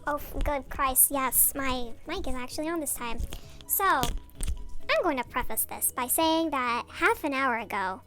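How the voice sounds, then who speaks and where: A woman's voice: sits high, animated, unhurried, fairly bright tone, faint music behind. Sped-up, rambling young woman ranting at night. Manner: rambling, swearing, self-interrupting, giggly. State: sleep-deprived and anxious. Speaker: vlogger. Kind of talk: late-night rambling rant. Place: home bathroom at night.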